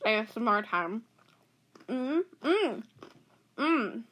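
A woman talks on her own podcast in an unhurried, drawn-out way. Her voice sits high and leaps up and down with every reaction, and she breaks into giggles mid-sentence. She is dramatic and casual, now and then dropping to a soft whisper. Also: big pitch swings, poor audio. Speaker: podcast host. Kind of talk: casual solo podcast chat.

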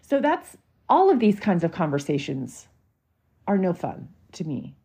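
Woman in her 40s, husky low voice, mellow, rambling podcast chat. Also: wildly swooping pitch, measured pace. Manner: candid, emotional, chatty with many "like"s. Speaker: podcast host. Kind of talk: casual storytelling monologue.

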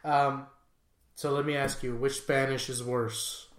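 A man co-hosts a casual podcast chat in a relaxed, wry way that rambles a little. His voice sits in a middle range. The room around him has a clear echo. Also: mid-range voice, unhurried. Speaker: podcast co-host. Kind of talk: casual chat reviewing music videos. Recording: echoey room.

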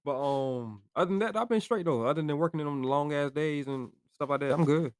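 A young man co-hosting a podcast, relaxed and a little tired, talking in casual slang with lots of fillers. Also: on the high side, a little fast, smooth, no echo. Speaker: podcast co-host. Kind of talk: casual chat.

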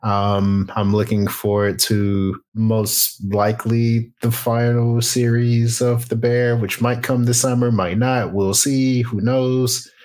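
A man's voice: medium pitch, level tone, slow, few pauses, a little mellow. Laid-back male podcast co-host. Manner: laid-back, repeats words as he starts sentences. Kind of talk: casual chat.

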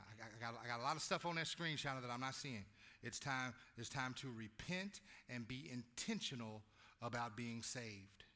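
A male pastor preaching, drawing the congregation into call-and-response and swinging from quiet talk to loud shouts. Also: mid-range voice. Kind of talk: sermon.

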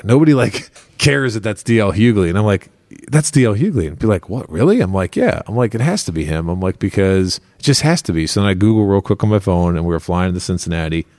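Fast-talking man telling a story. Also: sits low, no echo. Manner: animated, rambling, heavy on fillers. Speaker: podcast host. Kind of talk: casual storytelling chat.

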